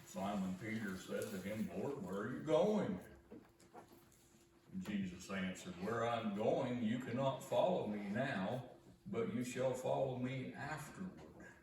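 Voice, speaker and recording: Slow-preaching pastor in an echoey church. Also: male voice, fairly low pitch, steady tone, a little mellow, a little hiss or hum. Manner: slow, earnest preaching with rising emphasis on scripture. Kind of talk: sermon. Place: church sanctuary. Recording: echoey church recorded from far off.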